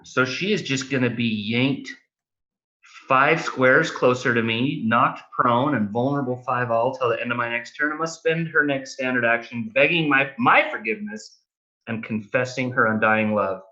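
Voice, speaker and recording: A man's voice: medium pitch, normal speed, pushed and bright. A man playing a tabletop game, chatty and a little theatrical as he calls out his moves. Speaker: player. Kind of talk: tabletop game play over voice chat. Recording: dull lo-fi mic.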